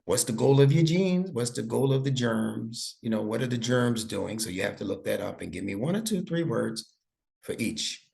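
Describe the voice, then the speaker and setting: A man's voice: mid-range voice, expressive, moderate pace, vocal fry, darkish tone. A middle-aged man giving a one-on-one online lesson to a child, patient and coaxing with playful teasing. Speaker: instructor.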